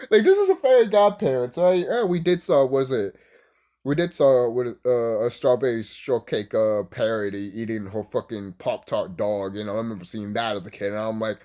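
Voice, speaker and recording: Male cartoon reviewer, very lively pitch, profane and giggly, rambling casual rant. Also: normal speed. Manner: animated, profane, laughs often; rambling, restarts mid-thought.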